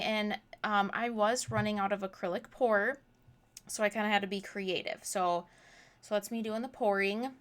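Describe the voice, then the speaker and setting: In an unhurried, mid-range voice, a twenty-something woman provides relaxed voice-over for her crafting vlog. She bubbles over with excitement, laughs at her own expense, and leans heavily on "literally" and "oh my god."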